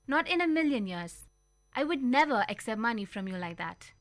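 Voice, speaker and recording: A woman's voice: fairly high pitch, sing-song, normal speed, dry recording, studio quality. A woman reading a story aloud and voicing a small, courtly old man who pleads and insists eagerly. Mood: insistent.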